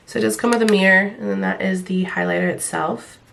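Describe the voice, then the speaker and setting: A woman's voice: mid-range voice, steady tone, brisk, gravelly, fairly bright tone, slight background noise. A young woman vlogger with a stuffy nose from illness, chatting casually through a makeup review with rambling, self-deprecating asides. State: stuffy-nosed and hoarse from illness. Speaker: beauty vlogger.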